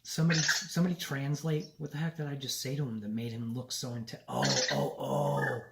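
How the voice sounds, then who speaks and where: A man vlogging at a home countertop, coaxing and chatting to a little robot as if it were a pet. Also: mid-range voice. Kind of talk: casual vlog, talking to a toy robot.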